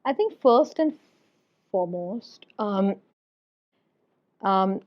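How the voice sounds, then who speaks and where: A woman's voice: medium pitch, lively intonation, drawn-out words. A middle-aged woman, a podcast guest telling a personal story in an earnest way and repeating words for emphasis. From India. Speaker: guest, HR executive. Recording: dull lo-fi podcast audio.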